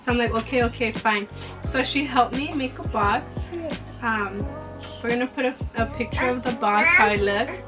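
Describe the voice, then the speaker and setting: This young vlogger speaks at a normal speed in a fairly high voice, casually recounting something that happened to her while music plays behind her. Her chatty telling is packed with "like" and reenacted conversations.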